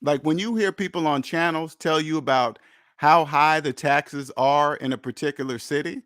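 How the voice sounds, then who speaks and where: A man's voice: fairly high pitch, moderate pace, a bit bright, dry recording, studio quality. A man hosting a channel in a blunt, lecturing monologue, repeating points for emphasis. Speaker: host. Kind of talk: casual monologue.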